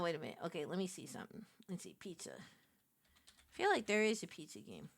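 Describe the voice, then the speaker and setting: Animated New York woman streamer. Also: medium pitch, gravelly. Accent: New York City. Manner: animated, exclaiming, quick to laugh. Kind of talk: casual live-stream chat while picking a game.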